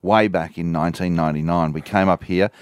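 A man's voice: low voice, steady tone, fairly quick, a little hiss or hum. A man, a comedian telling a wry anecdote in casual chat. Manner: storytelling, wry.

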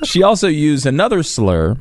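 A man's voice: on the high side, wildly swooping pitch, moderate pace, dry recording. A man co-hosting a casual comedic news chat, throwing in dry, sarcastic quips. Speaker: podcast co-host.

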